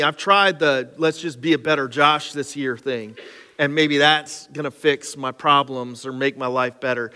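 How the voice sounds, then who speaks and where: A man with a fairly high, bright, forceful voice preaches in a church, loose and conversational, poking fun at himself as he goes. His words ring out with a long church-hall reverb, and soft instrumental music sits faintly behind him. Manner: casual, conversational preaching with self-deprecating asides. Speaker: pastor. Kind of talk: sermon with opening prayer. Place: church sanctuary.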